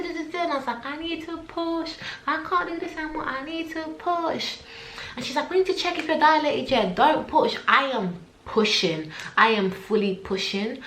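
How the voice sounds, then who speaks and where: Young woman vlogging, animated storytelling, voice bounces round the room. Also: mid-range voice. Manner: animated, acts out her own quotes. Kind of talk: casual storytelling to camera. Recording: echoey room.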